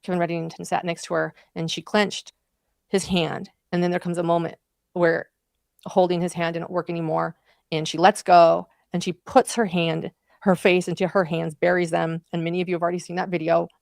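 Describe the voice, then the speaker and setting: A woman's voice: lowish voice, level tone, normal speed, creaky, darkish tone, no room sound, clean studio sound. A woman commentating on a trial, recounting events in vivid, emotional detail. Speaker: true crime commentator.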